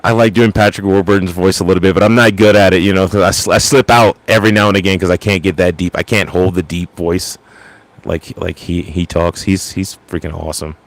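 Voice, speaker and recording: A man's voice: sits low, fairly even intonation, brisk. A man casually chatting with his live viewers, rambling and joking at his own expense. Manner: self-deprecating, jokey, rambling. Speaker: livestream host.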